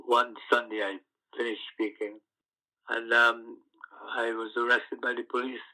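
An older man from the West Indies, recalling his past in an oral history interview, telling stories with halting restarts. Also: medium pitch, rough recording. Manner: storytelling, animated recollections with halting restarts.

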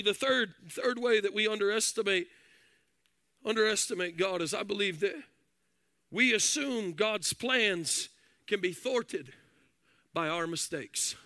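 A man preaching a fiery sermon from a church platform, shouting and half-singing his phrases. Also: sits high, a little slow, pauses often, no room sound, clean studio sound. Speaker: pastor. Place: church sanctuary.

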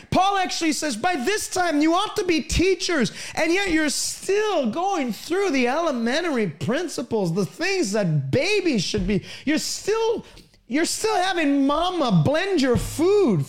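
A man delivers a broadcast sermon in a very high voice. He presses his points emphatically, swinging from raised pleading lines to low, quieter asides. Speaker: preacher.

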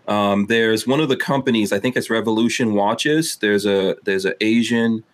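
A man's voice: on the low side, moderate pace. A man chatting casually on a podcast, blunt and joking with crude asides.

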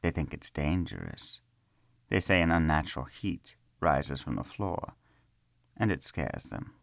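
A man voicing a calm, smiling young man bound by magic to a stone floor, speaking softly and pleasantly. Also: a bass voice, a little slow, creaky, no room sound, studio quality, exaggerated voice. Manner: soft, pleasant and reassuring. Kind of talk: storybook character reading.

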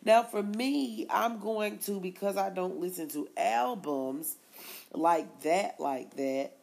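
Brief: female podcast co-host, casual rambling music talk, frequent laughs, lots of vocal fry. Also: medium pitch, darkish tone. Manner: rambling, laughs often, quick asides. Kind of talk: casual chat about music.

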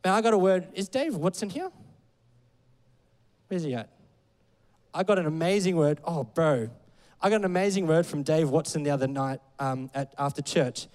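A man's voice: a little high, lively intonation, moderate pace, pauses often, a little mellow, long reverb tail. A man preaching a sermon in a loose, conversational way, full of fillers and playful asides. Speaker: pastor. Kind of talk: casual sermon.

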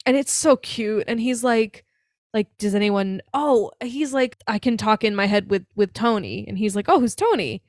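A woman co-hosting a casual podcast, recapping a film in lively chat and acting out lines with laughs and swearing. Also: mid-range voice, normal speed, no echo, studio quality. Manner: animated, swears, acts out quotes with laughs. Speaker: podcast co-host.

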